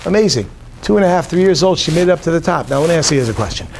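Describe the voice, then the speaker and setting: Man, rabbi, fairly high voice, animated, joking, quizzes a live audience, faint noise behind. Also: very fast, creaky. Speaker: rabbi giving a talk. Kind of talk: humorous inspirational talk to an audience. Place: hotel conference session room.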